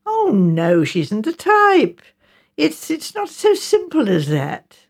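A level-headed country doctor speaks slowly and patiently in this audiobook scene, read by a woman. The voice carries a touch of gravel, and the tone stays measured. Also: high-pitched, huge pitch swings, voice pushed up, heavily acted. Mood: grave, explaining. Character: kindly country doctor, man, calm and thoughtful. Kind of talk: audiobook character reading.

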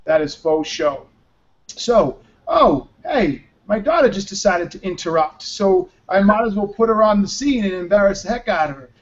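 A man's voice: high voice, animated, normal speed. A man hosting a casual live talk show, exhausted from little sleep, talking in a rambling, blunt way with the odd swear word. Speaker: show host. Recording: muffled lo-fi audio.

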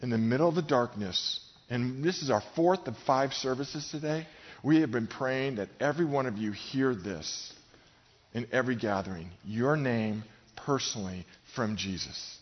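In a large gym that serves as a church, a middle-aged male pastor speaks emphatically and directly to his congregation. He has a mid-range voice and moderate pace, captured with dull sound and long hall reverb.

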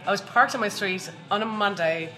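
A woman with an Irish accent, a podcast guest telling lively stories in casual chat and laughing often. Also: medium pitch, brisk, faint music behind, rough recording. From Ireland. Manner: animated storyteller, laughs often, acts out quoted voices.

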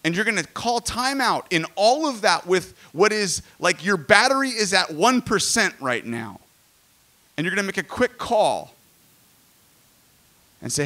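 A man in his forties preaching a sermon in a conversational, animated way with jokey asides. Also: high-pitched, a little slow. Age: 40s. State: emotional. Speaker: pastor.

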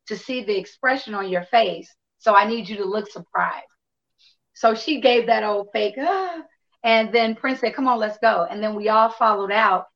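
A woman guest casually telling an animated, profane anecdote, acting out the dialogue as she goes. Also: medium pitch, muffled recording. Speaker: interview guest. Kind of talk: casual storytelling.

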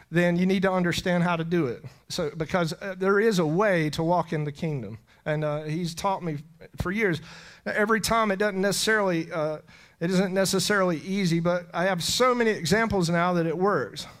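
A middle-aged male preacher with a somewhat high-pitched voice, delivering a fervent sermon. He talks with raw emotion, sinking to hushed, near-whispered lines and then rising again in force. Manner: intense, emotional, drops to whispers then surges louder. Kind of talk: impassioned sermon.

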